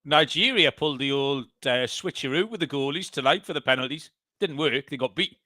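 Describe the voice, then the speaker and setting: Bright-toned, jokey podcast host. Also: male voice, on the high side, animated, brisk, dry recording, studio quality. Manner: swears, laughs often, jokey. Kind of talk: casual chat.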